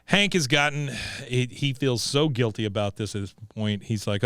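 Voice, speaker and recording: A man hosting a casual podcast, reading an ad and retelling an episode with lively quoted lines. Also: medium pitch, normal speed, no room sound, studio quality. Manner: animated recapping with acted quotes. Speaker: podcast host. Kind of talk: casual chat and ad read.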